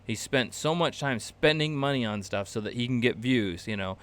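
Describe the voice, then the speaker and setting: A man's voice: medium pitch, lively intonation, moderate pace, fairly bright tone. A man hosting a casual live-stream class for video creators, rambling loosely with lots of fillers and restarts, chuckling at his own asides. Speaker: channel host teaching a creator class.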